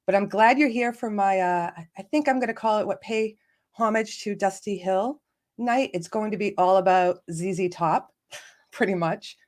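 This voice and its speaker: A woman's voice: mid-range voice, moderate pace. A woman hosting a casual live stream, chatty and self-joking, laughing often and greeting viewers by name. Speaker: livestream host.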